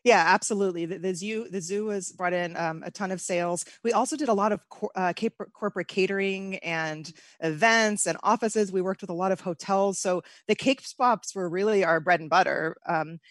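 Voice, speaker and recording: A woman's voice: medium pitch, moderate pace, hardly any pauses, no echo. Woman, bakery owner guest, chatty and easy laugh, dry close mic. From United States. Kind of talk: casual interview.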